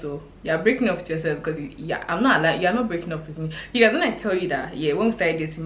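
Woman telling an animated storytime. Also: sits low. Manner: chatty and expressive, with sudden exclamations. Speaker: vlogger. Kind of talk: casual storytime chat. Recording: echoey room.

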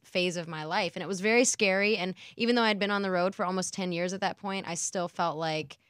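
A woman in her twenties from Mississippi with a faint Southern accent, chatting as a guest in an interview, bubbly and quick to laugh, with lots of "like". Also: on the low side, fairly bright tone, clean tone, no room sound, clean studio sound. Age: 20s. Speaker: guest singer. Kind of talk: casual interview chat.

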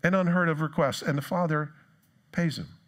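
A man preaching a sermon in a church, animated, acting out the voices of people in the story. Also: fairly high pitch, normal speed. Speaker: pastor.

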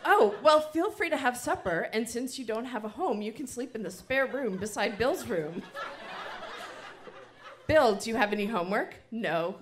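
A woman voicing a brisk, kindly mother from a children's story. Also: on the high side, expressive, noisy background, voice pushed up, close to an everyday voice.

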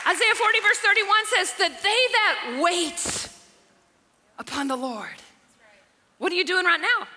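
A woman pastor, preaching a lively sermon that swings from soft talk to shouts, often laughing. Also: very high-pitched, measured pace, long pauses, a faint crowd, a little hiss or hum. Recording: live church hall reverb with music.

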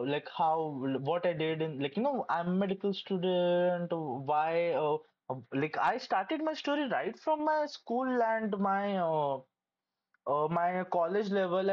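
A young adult medical student giving casual, hesitant advice with many pauses and restarts. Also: medium pitch, lo-fi sound.

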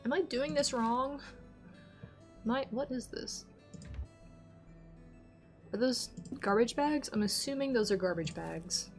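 A woman's voice: a little high, takes it slowly, long pauses, soft background music. A woman streaming a game, chatting casually to herself and her viewers and getting exasperated now and then. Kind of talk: casual let's-play chat.

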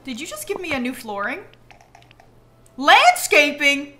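A young woman streaming a video game live, bubbly and excitable, laughing often. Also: high voice, quick pace, faint music behind.

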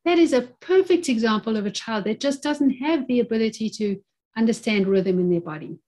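A woman's voice: a little high, a little fast, dark tone. A woman in her fifties, an occupational therapist speaking as a guest in a webinar interview, talking earnestly and repeating phrases to stress her points over a video-call microphone.

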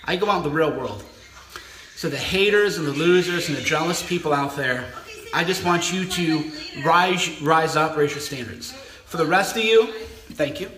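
A man's voice: fairly high pitch, normal speed, bright, forceful tone, roomy sound, low-quality recording. A political commentator speaking straight to camera to his supporters, in a repetitive, emphatic and insistent way. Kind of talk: direct-to-camera address to supporters.

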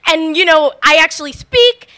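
A woman's voice: very high voice, lively intonation, normal speed, sharp tone. A young woman from Philadelphia telling a comic personal story on stage at a story slam, chatty and full of "like" fillers, laughing often. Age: young adult. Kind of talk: live comedic storytelling. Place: live story slam at a bar venue.

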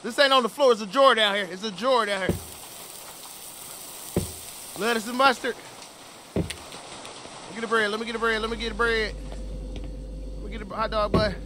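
A man playing a horror game and commentating, excitable and slangy, yelping when startled. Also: high voice, normal speed, pauses often, noisy background. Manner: casual slangy banter. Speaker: gaming streamer.

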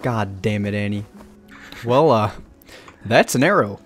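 Excitable, lively-voiced male gamer. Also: on the low side, soft background music. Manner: excitable, swears often, quick to laugh. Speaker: channel host. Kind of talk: casual co-op gaming commentary.

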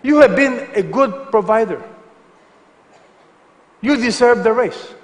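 A man's voice: very high voice, takes it slowly, in a large hall, pitched above the performer's own voice. A man voicing a devoted, loving wife who speaks tenderly and earnestly.

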